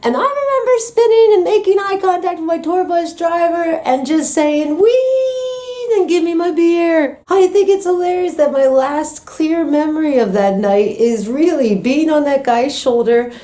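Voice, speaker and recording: American woman, young adult, storytime vlog, mellow tone, acts out her own quotes. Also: high voice, normal speed, hardly any pauses. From United States. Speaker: storyteller vlogger. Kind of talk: casual storytime.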